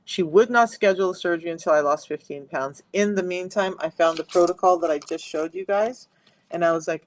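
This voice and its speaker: A man working as a health coach, talking chattily and emphatically straight to viewers in a live-stream sales pitch mixed with personal testimony, into a close phone mic. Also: brisk.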